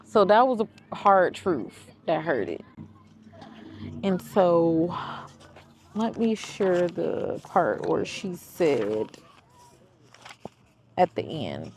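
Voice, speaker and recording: Earnest tearful mom vlogger. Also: female voice, on the low side, sing-song, a little mellow, a little hiss or hum. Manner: emotional, earnest, reads passages quickly. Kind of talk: casual book review vlog, reading aloud.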